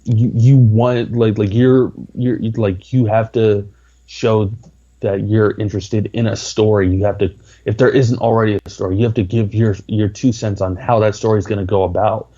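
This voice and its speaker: A man's voice: lowish voice, flat delivery, moderate pace, mellow, dull audio. A man talking as a podcast guest, rambling with lots of filler words. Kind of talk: casual interview talk.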